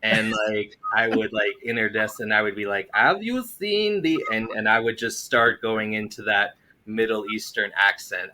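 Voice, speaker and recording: A man's voice: lowish voice, sharp tone. A man hosting an acting panel, laughing often and talking with many hesitations. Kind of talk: casual panel chat.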